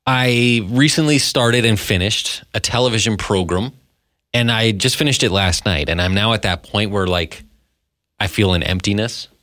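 A man's voice: fairly low pitch, moderate pace, a bit bright, no room sound, clean studio sound. A man co-hosting a podcast, chatting casually in a laid-back, self-deprecating way. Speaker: podcast co-host. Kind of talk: casual chat.

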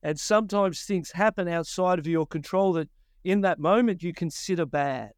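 A man's voice: high-pitched, moderate pace, clear, resonant tone, no room sound, studio quality. A man in his fifties with an Australian accent, a surf commentator telling stories in a casual interview and acting out his own past thoughts.

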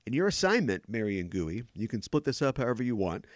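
A man with a fairly low voice hosts a relaxed podcast discussion. He talks at length, filling in background with plenty of asides. The sound is dry and close. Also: fast, no echo. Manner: talkative, explains background at length. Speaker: podcast host. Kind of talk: casual podcast chat.

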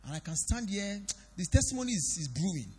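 A pastor preaching a sermon in a church hall, swinging between loud declarations and quiet confiding. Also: male voice, sits high, sing-song, brisk, slightly rough. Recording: long reverb of a church hall.

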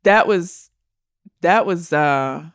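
A woman co-hosting a podcast in casual chat, emphatic and expressive, often checking in with her listener. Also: lowish voice, drawn-out words, dry recording, clean studio sound. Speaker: podcast co-host.

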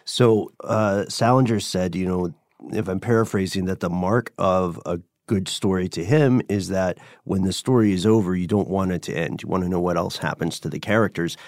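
A man's voice: low voice, moderate pace, darkish tone, no echo, studio quality. A man co-hosting a podcast, chatting casually and filling in background for listeners. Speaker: podcast co-host. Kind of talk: casual chat.

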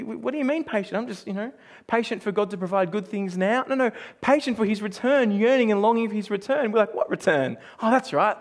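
A young man preaching a sermon, animated, acting out quotes and going soft and slow when he reads scripture. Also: high-pitched. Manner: animated, acts out quotes with sudden shouts. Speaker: pastor.

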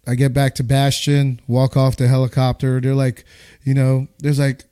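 A man in his thirties from the United States, casually telling a war story, animated and acting out the voices he quotes. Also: medium pitch, normal speed, smooth.

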